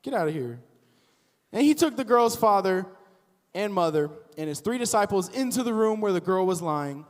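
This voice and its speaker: A young man giving a casual, animated youth sermon as a youth pastor, acting out the people in the story as he goes. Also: high voice, moderate pace. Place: church auditorium. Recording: long hall reverb.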